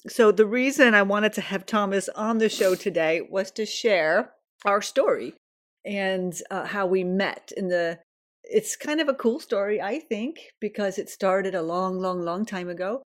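A woman's voice: mid-range voice, a little slow. A woman in her fifties hosting a podcast at home, telling personal stories in a chatty, casual way. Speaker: podcast host.

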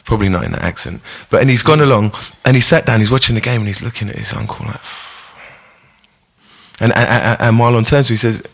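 A man, an actor telling a story in a relaxed podcast chat, swearing freely. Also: on the low side, fast talker, gravelly. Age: 30s. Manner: swearing, storytelling, self-correcting. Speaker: actor guest.

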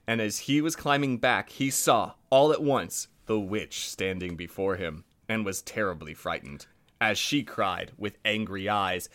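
A man's voice: on the low side, a little slow. A man co-hosting a podcast, reading a fairy tale aloud and joking between passages with frequent laughs. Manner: animated, laughs often.

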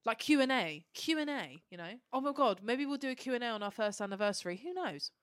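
A woman's voice: a little high, lively intonation, fast talker, no room sound, studio quality. A young woman co-hosting a podcast, telling stories in a gushing, emotional casual chat. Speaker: podcast co-host.

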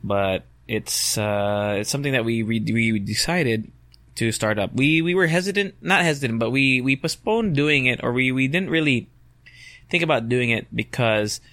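Male podcast host, hoarse, rambling; dry, close recording. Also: medium pitch, normal speed, a bit bright, no room sound. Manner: rambling, self-correcting, chatty. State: hoarse, just woken up. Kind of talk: casual solo podcast talk.

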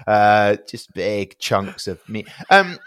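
A male comedian guest tells rambling stories and giggles through a casual chat. His voice sits low, and the recording is dry and close. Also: big pitch swings, takes it slowly, a bit bright, smooth, dry recording.

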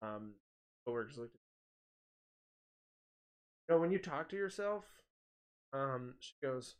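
Animated man, lively rising voice. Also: medium pitch, unhurried, long pauses. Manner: animated storyteller who laughs often and acts out quotes. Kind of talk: casual chat.

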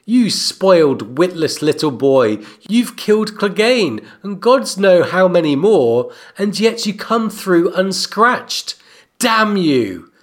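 Man reading as a contemptuous uncle chewing out a brat, slow and biting. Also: high-pitched, sing-song, heavily acted. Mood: scornful.

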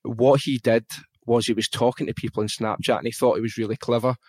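A man's voice: medium pitch, quick pace, no echo. A man with a Glaswegian Scottish accent, speaking frankly and with feeling as he tells a personal story in casual conversation, swearing now and then. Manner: animated, frank, swears freely. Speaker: guest on a podcast.

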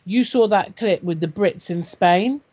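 A woman's voice: lowish voice, a little slow, darkish tone, breathy edge. A woman in a casual chat, blunt and sweary, telling stories with laughs. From Britain. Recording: dull lo-fi audio.

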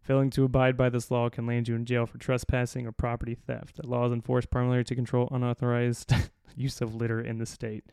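Male podcast host, gravelly and deadpan-sarcastic, swearing freely while reading a list, recorded dry. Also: mid-range voice, fast, few pauses, no echo. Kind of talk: solo comedic podcast rant.

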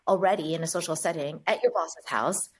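A woman from the United States, a guest in an interview, telling stories in a lively way and acting out the dialogue. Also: deep voice, a little fast, husky. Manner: lively storyteller, acts out dialogue. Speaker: guest, agency chief executive. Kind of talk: interview storytelling.

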